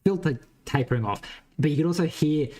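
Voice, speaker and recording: Casual game-dev streamer, a man with a light West Australian accent who rambles, thinks out loud and swears offhand. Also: on the high side, animated, fairly quick. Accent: mild West Australian. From Western Australia. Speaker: game developer streaming his coding. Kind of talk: casual live-coding chat.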